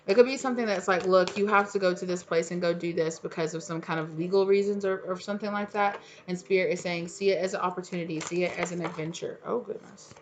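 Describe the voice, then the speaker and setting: A woman's voice: fairly low pitch, steady tone, fast talker, hardly any pauses, a bit bright, slight background noise. A woman giving a casual, encouraging tarot reading to her viewers, talking loosely with lots of "you know" and "like". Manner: chatty and encouraging, many fillers like "you know". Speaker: tarot reader.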